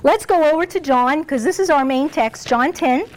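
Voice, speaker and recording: A woman's voice: high voice, normal speed. A woman preaching a sermon in a conversational way, laughing often and acting out quoted lines.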